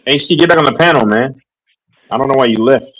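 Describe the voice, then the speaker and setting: A man's voice: medium pitch, fast, fairly bright tone, poor audio. A man chatting casually on a live stream, rambling and joking as he answers the chat.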